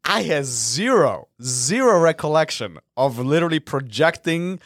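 A man from Poland, a podcast co-host, telling stories in a casual chat, animated and laughing often. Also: a little high, a little slow, no room sound, clean studio sound.

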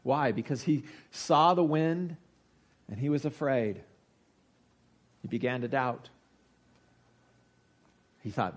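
A pastor in his forties delivers a sermon in a relaxed, conversational way. His voice sits at an ordinary middle pitch. He leans into key points with sudden loudness, then drops to soft, low asides. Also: takes it slowly, long pauses. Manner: conversational, swings between loud emphasis and quiet asides.

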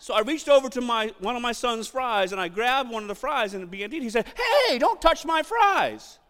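A middle-aged man preaching a sermon, animated, acting out quotes and shouting for emphasis. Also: very high voice, quick pace, clear, resonant tone, long reverb tail. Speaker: pastor.

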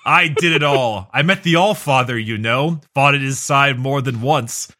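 A grumpy old male warrior, gruff and blunt with a dry amused streak, as a man puts him on while telling a story. The tone is bright and forceful, set a little higher than a plain talking voice. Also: normal speed, natural voice. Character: grumpy ancient male warrior in a war machine.

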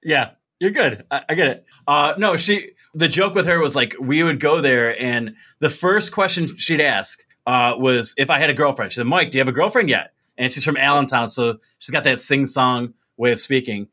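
A man co-hosting a comedic podcast, telling family stories in casual chat with animated delivery and frequent laughs. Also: medium pitch, moderate pace, hardly any pauses. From New York. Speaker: podcast co-host. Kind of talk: comedic casual chat over video call.

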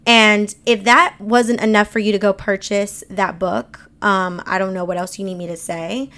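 Woman, AAVE, motivational podcast host; emphatic, animated delivery. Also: medium pitch, moderate pace. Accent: African American Vernacular English. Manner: emphatic, animated, speaks with slang. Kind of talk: motivational monologue.

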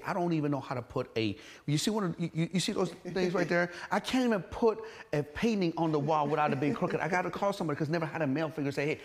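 A middle-aged man from Iran, a gym entrepreneur telling his story in an interview, blunt and emphatic, swearing and acting out quoted voices. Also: mid-range voice.

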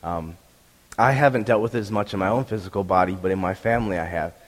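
Young male pastor, sore-throat hoarseness, lively storytelling sermon, long hall echo. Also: sits low, fast talker. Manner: animated storytelling, acts out crowd reactions. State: voice roughened by strep throat. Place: church hall.

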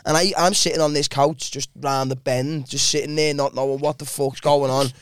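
A man's voice: on the high side, brisk, a little hiss or hum. A man in his twenties with a Liverpool accent, telling rambling stories and acting out voices in a casual podcast chat. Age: 20s. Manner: rambling, animated storyteller, acts out voices, laughs often. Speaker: podcast host.

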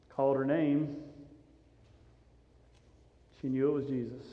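A male pastor preaching a sermon, telling the story with dramatic swings from loud urgency to hushed softness. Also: fairly high pitch, steady tone, moderate pace, long pauses. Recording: echoey hall, dull lo-fi sound.

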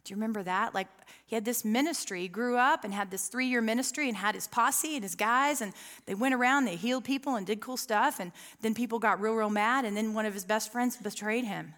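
A woman preaching a sermon to a room, reading scripture slowly and talking earnestly and conversationally, often asking the listeners questions. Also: a little high, fairly bright tone, long reverb tail. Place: church room with an audience.

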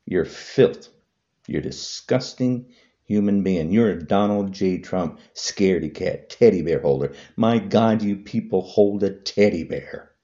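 A man's voice: unhurried, dark tone, muffled recording. A man delivering an angry political rant to camera, hurling repetitive insults. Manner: heated, repetitive insults, voice swinging high and low. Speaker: vlogger.

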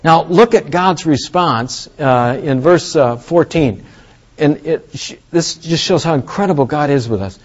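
A man's voice: fairly high pitch, lively intonation, unhurried, lo-fi sound. A man preaching a conversational sermon, asking the congregation questions and acting out the voices in a story. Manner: acts out voices of Moses and God. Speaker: pastor.

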